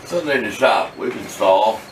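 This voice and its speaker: A man's voice: lowish voice, animated, a little fast, noisy background. An older man, rambling in a folksy, plain-spoken way as he shows off tools in his home workshop. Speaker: workshop video host. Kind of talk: casual workshop show-and-tell.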